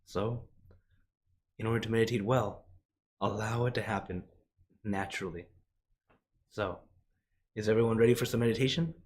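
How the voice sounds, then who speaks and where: A man who is a monk, leading a guided meditation in slow, gentle, drawn-out phrases, his voice a little rough from a cold. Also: fairly low pitch, steady tone. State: has a cold, voice lower than usual.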